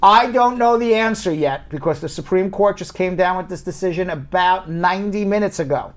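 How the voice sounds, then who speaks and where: Animated lawyer hosting a show. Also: male voice, high-pitched, normal speed. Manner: animated, swings between loud jokes and sober explaining. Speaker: immigration lawyer and show host. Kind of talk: casual live show chat.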